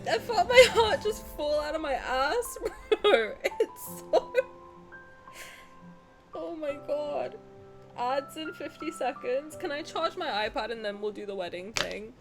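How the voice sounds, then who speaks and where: A young woman reacts casually on a stream, emotional and laughing, swearing freely. Her voice is high and very lively, and she talks at an unhurried pace. Faint game music sits in the background.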